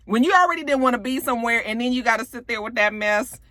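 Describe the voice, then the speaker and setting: A woman's voice: on the high side, expressive, fast talker, bright, forceful tone, no room sound. A woman recapping a reality show in casual chat, sassy and profane, acting out quotes. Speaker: TV recap vlogger.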